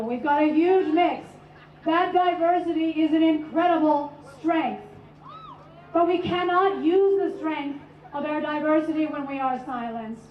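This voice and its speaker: Woman professor born overseas, calm lecture tone, echoey, muffled rally sound. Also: high-pitched, recorded from a distance, slight background noise. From born abroad. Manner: measured, articulate, lecturing. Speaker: professor giving a rally speech. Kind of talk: prepared rally speech. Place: outdoor rally over loudspeakers.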